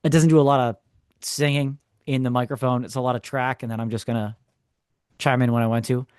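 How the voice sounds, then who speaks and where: A man, co-hosting a podcast, telling a story in a casual, animated way with sarcastic asides. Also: medium pitch, a little fast, clear, resonant tone, no room sound, studio quality. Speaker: podcast co-host. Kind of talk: casual chat.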